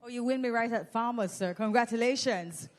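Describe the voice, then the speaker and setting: Jamaican woman MC, high voice, teasing crowd-work host on a handheld mic. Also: fairly quick. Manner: playful, teasing, exclamatory. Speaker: event host. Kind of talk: lively audience giveaway hosting. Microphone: handheld microphone.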